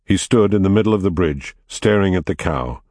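Deep-voiced man reading a story. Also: no echo, studio quality. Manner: measured, steady, quietly dramatic. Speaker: narrator. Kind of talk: audiobook narration.

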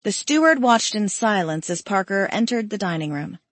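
A woman narrating a historical story aloud, shifting her voice up and louder for the quoted lines. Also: mid-range voice, animated, moderate pace, no echo.

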